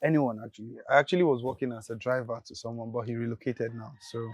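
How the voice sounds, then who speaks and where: A man's voice: medium pitch, fairly even intonation, fast talker, darkish tone, slight background noise, natural voice. A man playing an easygoing Nigerian driver. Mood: friendly. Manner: easygoing, casual. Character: friendly young jobless driver.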